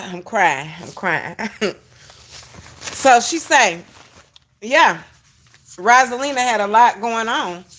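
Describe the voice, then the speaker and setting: A woman chats on a casual livestream, speaking to her audience directly. Her voice sits high and sounds bright. She takes her time and keeps breaking into laughter. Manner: addresses viewers as y'all. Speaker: online commentator.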